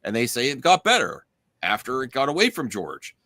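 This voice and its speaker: Animated, bright-voiced man hosting a stream. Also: mid-range voice, brisk, no echo. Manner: rambling, many fillers and restarts. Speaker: show host. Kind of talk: casual live-stream panel chat.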